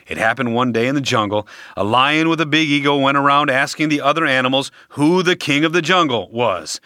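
A man preaching a sermon, speaking deliberately and emphatically with dramatic pauses. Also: medium pitch, pushed and bright, no room sound, clean studio sound.

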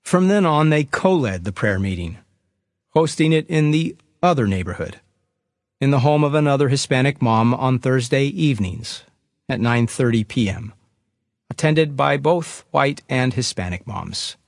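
A man preaching a sermon, telling a story with an animated storyteller's delivery that swells at dramatic moments. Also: medium pitch, normal speed, no echo, studio quality.

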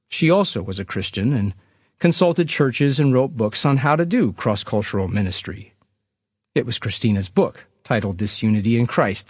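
A man preaching a sermon, telling a story with an animated storyteller's delivery that swells at dramatic moments. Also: medium pitch, breathy edge, dry recording, studio quality.

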